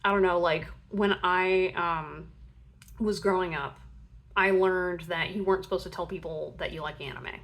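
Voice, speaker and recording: A woman's voice: on the low side, steady tone, moderate pace, fairly bright tone. A young woman giving a casual tarot reading, chatty and rambling with lots of fillers, often acting out playful voices for imagined people. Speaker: tarot reader.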